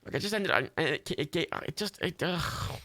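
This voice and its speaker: A man giving sweary, excitable, rambling commentary while streaming a game live. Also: on the high side, fairly quick, no room sound.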